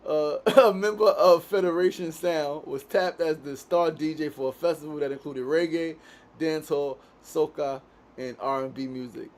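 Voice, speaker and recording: A man's voice: on the high side, fairly even intonation, moderate pace, darkish tone. A man from Queens, hosting a casual daily show in a studio. He talks in a laid-back way, swears freely and keeps tagging his sentences with "right?". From Queens, New York. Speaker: podcast host.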